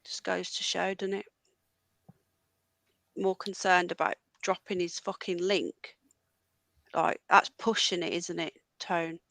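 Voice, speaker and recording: A woman's voice: fairly low pitch, little pitch movement, takes it slowly, gravelly, pauses often, pushed and bright, no room sound. A woman hosting a livestream, angrily ranting at a guest and swearing a lot. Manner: furious, swearing, confronting a guest. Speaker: livestream host. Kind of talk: angry livestream rant.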